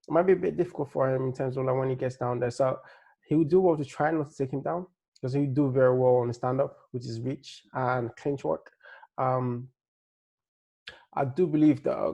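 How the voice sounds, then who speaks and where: An MMA fight analyst with a slight Nigerian-tinged accent gives a laid-back, rambling breakdown of upcoming fights and his predictions. His medium-pitched voice is creaky and dark in tone, fairly even in intonation, at a moderate pace, with lots of fillers and restarts.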